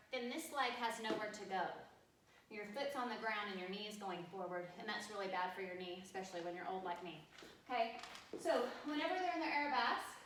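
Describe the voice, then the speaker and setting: High-voiced woman teaching ballet, echoey studio. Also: pushed and bright, a little hiss or hum. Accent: Texan. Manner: gives step-by-step cues while demonstrating. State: slightly out of breath. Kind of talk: online dance class instruction. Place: dance studio. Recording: echoey room from far off. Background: music playing.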